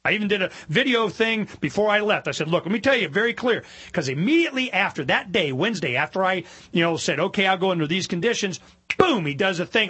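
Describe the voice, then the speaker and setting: A man hosting a talk radio show in a studio, talking in an animated, emphatic, rambling way and acting out other people's voices. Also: high-pitched, husky. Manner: animated, emphatic, rambling with frequent "you know"; acts out other people's voices in quick asides.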